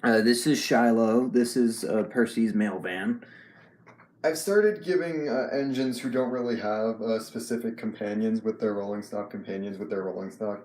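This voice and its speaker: A man talks casually on a live stream, responding to chat as he goes, though his speech is halting and full of ums and restarts. The voice sits on the low side and is a little mellow, with reverberant sound.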